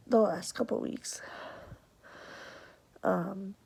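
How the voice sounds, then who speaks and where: A young woman telling a personal story on camera, fighting back tears, speaking haltingly with many pauses and sometimes dropping to a whisper. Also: low-pitched, flat delivery, creaky, rough recording. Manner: soft, sometimes drops to a whisper. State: tearful, fighting back crying. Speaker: vlogger.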